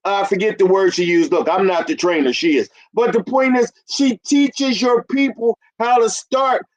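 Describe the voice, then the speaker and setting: A man in his fifties, a business consultant, talking emphatically to an audience he calls ladies and gentlemen. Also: high voice, normal speed, poor audio. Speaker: carpet cleaning business consultant. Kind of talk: promotional business talk.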